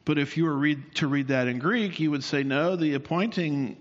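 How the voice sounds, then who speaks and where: A man's voice: fairly high pitch, a little fast. A man teaching the Bible in a sermon, explaining at length and asking his listeners rhetorical questions. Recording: dull sound with long hall reverb.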